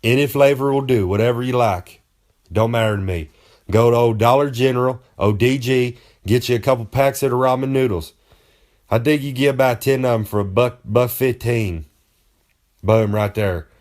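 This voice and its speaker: A man holding forth in a comedic monologue, a wrestler handing out tips for life on the road. He brags and rambles in loose, folksy slang, with a voice at a middling pitch. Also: moderate pace, a little mellow.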